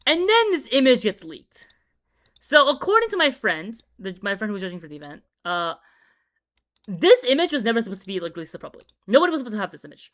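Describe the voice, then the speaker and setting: A young video creator rambles loosely through a story, swearing freely and stumbling over his words, shifting from quiet muttering to loud, excited bursts. It sounds like a casual talk recorded at a desk as he draws. His voice sits high and he talks fast.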